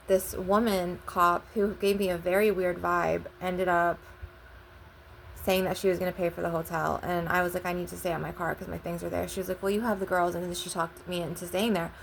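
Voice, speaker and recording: A woman with a low, gravelly voice tells a personal story in a flat, level tone. Her delivery is rambling and casual, full of swearing and retold back-and-forth dialogue. A faint background hum sits under her voice. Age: adult. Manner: rambling, profane, retells dialogue with "I'm like". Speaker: channel host.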